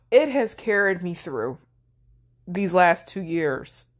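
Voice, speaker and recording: A woman's voice: on the low side, sing-song, takes it slowly. A woman hosting her own podcast, speaking emotionally and tearfully, laughing through her tears. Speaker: podcast host. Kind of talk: heartfelt solo podcast talk.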